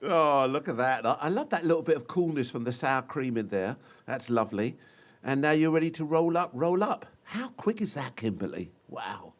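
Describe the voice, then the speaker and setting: A man's voice: medium pitch, expressive, normal speed, slight background noise. A man in his sixties, hosting a TV cooking show with exuberant, laughing, sing-song chat. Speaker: TV cookery host.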